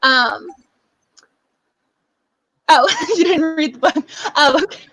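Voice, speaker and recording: A woman's voice: sits high, slow, rough recording. A young woman hosting a book club live stream, chatting casually and gushing, with many laughs and fillers.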